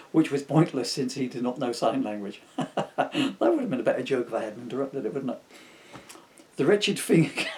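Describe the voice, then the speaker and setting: A man's voice: mid-range voice, darkish tone, a little hiss or hum. Man reading his own comic book aloud. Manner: digressive, self-mocking jokes between passages.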